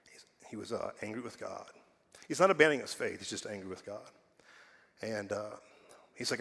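A middle-aged man preaching in a church sanctuary, talking to the congregation in a relaxed, conversational way. He poses rhetorical questions and moves between hushed, quiet stretches and louder, emphatic lines. His voice carries a long hall reverb. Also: lowish voice, fairly quick, gravelly, long pauses, breathy edge. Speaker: pastor. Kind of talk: sermon.

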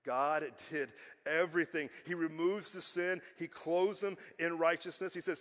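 A male pastor preaching a sermon, emphatic and repetitive, swinging between loud passages and hushed ones. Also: a little high, fairly even intonation, moderate pace. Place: church sanctuary. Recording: long hall reverb.

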